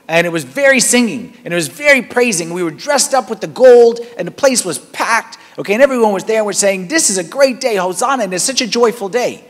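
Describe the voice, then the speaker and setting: High-voiced priest preaching in reverberant church. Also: male voice. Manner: conversational, animated preaching with rising emphasis. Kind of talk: sermon. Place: large church hall.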